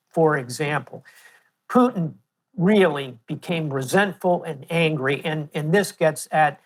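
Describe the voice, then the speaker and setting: Measured older American man. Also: on the high side. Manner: measured, storytelling with historical examples. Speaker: guest, retired admiral. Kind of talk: interview answers.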